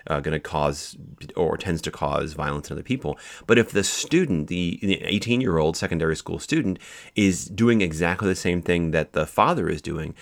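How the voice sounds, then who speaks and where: Low gravelly man lecturing on law. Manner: explanatory, with many fillers and restarts. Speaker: law instructor. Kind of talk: recorded lecture.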